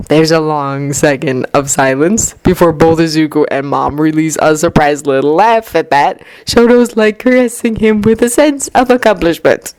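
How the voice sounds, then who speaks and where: A woman narrating a fan fiction story aloud, with expressive delivery and clearly varied voices. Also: low voice, moderate pace, hardly any pauses, no room sound. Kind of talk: fan fiction audiobook reading.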